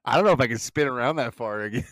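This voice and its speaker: A man co-hosting a podcast in casual chat, agreeable and quick to laugh. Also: mid-range voice, animated, a bit bright, dry recording. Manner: laughs easily, agreeable reactions. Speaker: podcast co-host.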